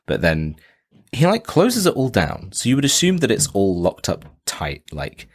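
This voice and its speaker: Male co-host, low and animated, joking through a casual film rundown. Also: normal speed. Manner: animated, jokey, quotes characters in silly voices. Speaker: podcast co-host. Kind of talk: casual film review chat.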